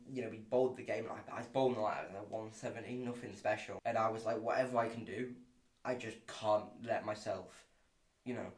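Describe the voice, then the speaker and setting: Young man telling a story. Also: on the low side. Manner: rambling, many restarts, animated when excited. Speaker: podcast host and bowler. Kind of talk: casual storytelling chat. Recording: echoey room.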